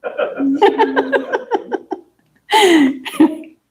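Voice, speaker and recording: A woman minister giving a gentle, chatty sermon in a church and laughing often. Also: very high voice, very animated, extremely slow. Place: church sanctuary.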